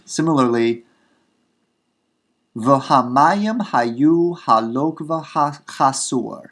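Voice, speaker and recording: A man teaching a grammar lesson, going slowly and repeating and rephrasing each example, with frequent fillers and restarts. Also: mid-range voice, vocal fry. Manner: unhurried, repeats and rephrases for emphasis, many fillers. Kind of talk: recorded grammar lecture.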